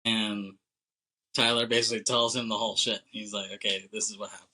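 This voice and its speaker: A rough recording catches a young podcast co-host with a fairly low, flat-pitched voice, brisk and sharp in tone. He casually retells a movie plot with loose, foul-mouthed banter, acting out lines and laughing along.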